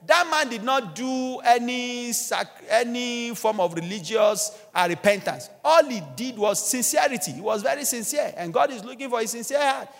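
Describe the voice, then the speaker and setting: High-voiced male pastor preaching fervently. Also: moderate pace, vocal fry, hardly any pauses. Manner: fervent preaching with repeated exhortations. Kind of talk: sermon. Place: church. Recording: long church reverb, faint music behind.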